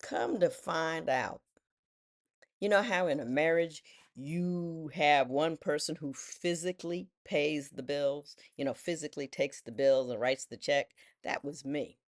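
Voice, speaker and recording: Woman, 60s, lively self-deprecating storyteller who drops into quoted voices. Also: sits low, measured pace. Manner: animated, self-mocking, acts out voices in quotes. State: widowed. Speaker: vlogger. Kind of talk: personal storytelling.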